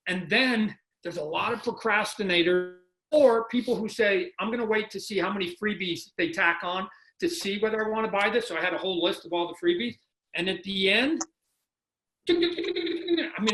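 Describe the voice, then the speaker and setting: A man's voice: high-pitched, brisk, fairly bright tone, a little hiss or hum. A man, a comic book creator, telling stories as a podcast guest over a video call, animatedly acting out quotes and sound effects. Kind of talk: casual podcast conversation. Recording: roomy video call audio.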